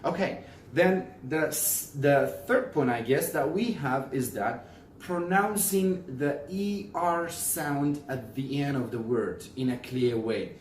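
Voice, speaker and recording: A man teaching pronunciation in a casual video lesson, explaining slowly and repeating example words. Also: mid-range voice, slight background noise. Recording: roomy echo, mic at a distance.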